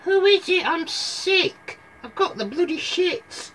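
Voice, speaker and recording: A man voicing a crude, crotchety sick old grandmother in a comic storybook retelling, in a shrill put-on voice. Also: animated, takes it slowly, a bit bright, slight background noise, heavily acted, poor audio. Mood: grumbling.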